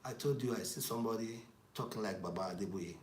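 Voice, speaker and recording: A man's voice: lowish voice, fast talker, a little mellow. Man talking in a roomy echo. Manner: rambling, with many fillers and restarts. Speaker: commentator. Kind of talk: casual talk to camera. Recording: echoey room with faint noise.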